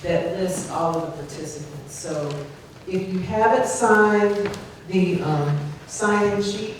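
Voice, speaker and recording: A woman organizing a community gathering, making unhurried announcements to the audience with frequent pauses and fillers. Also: medium pitch, a little hiss or hum. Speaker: event organizer and emcee. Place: large hall at a community gathering. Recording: echoey hall from far off with crowd.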